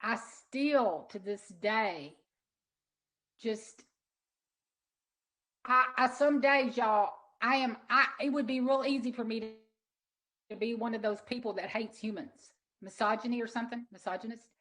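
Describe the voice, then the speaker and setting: Middle-aged woman guest, earnest storyteller, stumbles and repeats, a touch high. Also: a bit bright, rough recording. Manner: earnest, halting, repeats words when moved. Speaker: interview guest, sanctuary owner. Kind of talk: emotional storytelling in an interview.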